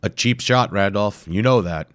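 A man's voice: fairly low pitch, normal speed, a bit bright, no room sound, voice pushed up, lightly acted. A man voicing an eager, confident male archaeologist with ninja training who teases his friend, in a storybook reading. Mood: teasing. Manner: upbeat, teasing and confident.

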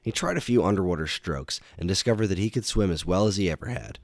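A man with a very low voice reads a children's adventure book aloud. His storytelling is animated and dramatic, pushing up for exciting moments. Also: fast talker, no room sound. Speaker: storybook reader. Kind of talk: audiobook narration for children.

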